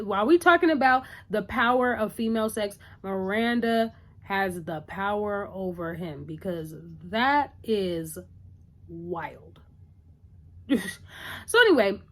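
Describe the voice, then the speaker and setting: A woman casually recapping a TV episode in a chatty, animated way, acting out what the characters say. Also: a little high. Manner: chatty, animated retelling with acted-out quotes. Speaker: TV recap vlogger.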